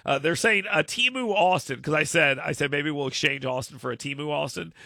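Gravelly, bright-voiced talk radio host. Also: male voice, on the high side, brisk, no echo, studio quality. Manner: emphatic, repeats words when starting a point.

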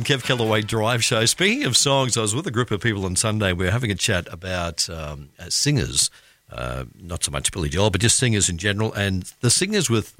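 Chatty radio host, bright voice. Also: male voice, lowish voice, no echo. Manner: chatty, laughs at himself, reads listener messages. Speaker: radio drive show host. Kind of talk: casual radio chat. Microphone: studio microphone.

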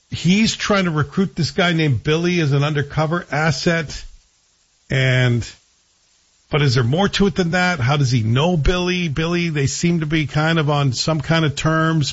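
A man's voice: on the high side, muffled recording. A man chatting casually and wryly about a TV series, asking himself rhetorical questions as he reviews it. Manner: wry, conversational, rhetorical questions.

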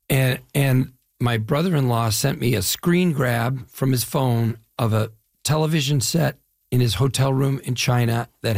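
An older man from the Chicago area, an actor, talking through an interview in a relaxed storytelling way. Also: medium pitch, creaky, no room sound, clean studio sound. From Chicago area, US Midwest. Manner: relaxed storytelling, drawn-out phrases, frequent "yeah". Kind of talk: casual interview conversation.

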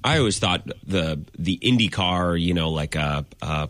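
Man, very low voice, fast easygoing talk, dry close sound. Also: expressive, fairly bright tone, no echo. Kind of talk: casual chat.

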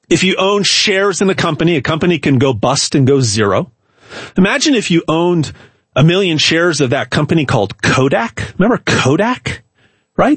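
A man giving an emphatic, hard-selling pitch straight to the viewer, repeating words and restarting often. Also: slightly rough, no room sound. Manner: emphatic, repetitive, stumbles and restarts. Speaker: gold sales pitchman. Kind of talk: direct-to-camera sales pitch.

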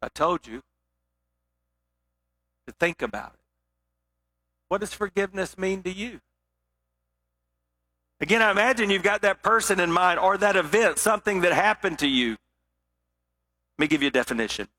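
A man preaching a sermon, telling a parable with drama and dropping to a hush for serious points. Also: high voice, expressive, moderate pace, long pauses. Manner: dramatic storytelling, drops to a hushed voice for weight.

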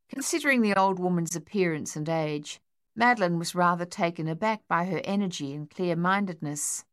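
A woman narrating an audiobook in an even, measured reading. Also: on the low side, clean tone, dry recording, studio quality.

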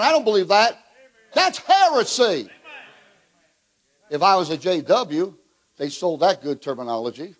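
A man preaching a fiery revival sermon at a conference, calling out to the crowd and shouting at his peaks. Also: high voice. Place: conference hall.

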